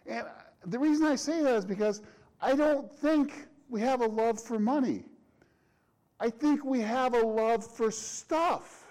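A man's voice: very high-pitched, measured pace, a little mellow, low-quality recording. A middle-aged man, a pastor, delivering a conversational sermon with frequent restarts and rhetorical questions.

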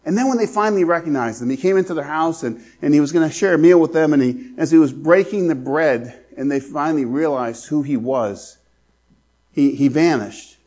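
A man preaching a sermon as pastor, earnest, slowing down to stress scripture. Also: fairly high pitch, darkish tone.

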